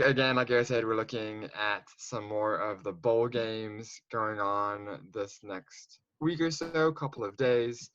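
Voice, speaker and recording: A man's voice: lowish voice, a bit bright, no room sound. Easygoing man on a dull, dry mic. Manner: easygoing, conversational. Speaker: co-host. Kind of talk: casual sports podcast chat.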